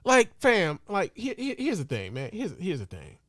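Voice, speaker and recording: High-voiced man ranting on his podcast. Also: moderate pace, no echo, studio quality. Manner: animated, profane, mock-outraged ranting. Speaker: podcast host. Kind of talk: comedic podcast rant. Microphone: podcast microphone.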